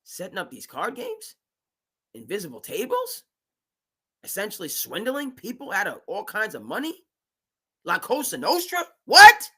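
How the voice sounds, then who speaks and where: Host, male, high bright voice, animated and emphatic live sports talk. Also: moderate pace, husky. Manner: animated, emphatic, mimics owners in asides.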